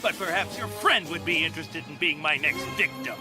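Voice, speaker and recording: A man's voice: fairly high pitch, lively intonation, fairly quick, close to an everyday voice. An actor playing a gloating, predatory male card hunter in a cartoon dub, with music under him. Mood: sneering. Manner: menacing, gloating. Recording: played over loud music.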